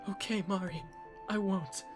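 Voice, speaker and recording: A man's voice: steady tone, measured pace, music in the background. A man raising his voice as an anxious teen girl. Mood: anxious, pleading. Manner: raised pitch, earnest and pleading. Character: anxious teenage girl, older sister.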